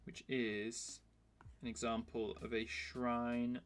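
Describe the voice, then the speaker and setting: A soft-spoken man chatting casually while he draws on a live stream, thinking aloud and often restarting his sentences. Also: mid-range voice, little pitch movement, slow pace. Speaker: artist streaming his drawing. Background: faint background music.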